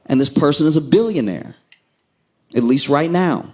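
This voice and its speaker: A man doing a stand-up comedy set, telling stories with lively delivery and acting out the people he quotes. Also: moderate pace, long pauses. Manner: animated storytelling, acts out quoted people with sudden pitch jumps.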